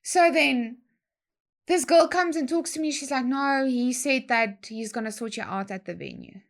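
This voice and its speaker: A young woman tells a story in a relaxed chat. Her voice sits a little high, and she uses slang freely. She acts out other people's lines as she goes. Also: moderate pace. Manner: animated, slangy storytelling with quoted dialogue. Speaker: guest DJ.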